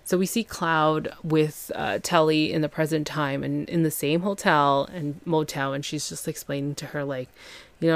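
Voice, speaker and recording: A woman's voice: low voice, fairly even intonation, moderate pace, no echo. A woman hosting a casual TV recap podcast, chatty and full of fillers, paraphrasing the characters as she goes. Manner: chatty, filler-heavy, quotes characters loosely. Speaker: podcast host.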